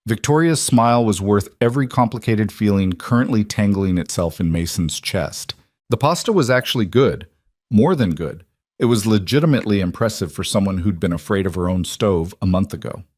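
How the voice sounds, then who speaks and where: A man narrating a scripted story in a measured, gentle storytelling manner. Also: fairly low pitch, lively intonation, dry recording, clean studio sound.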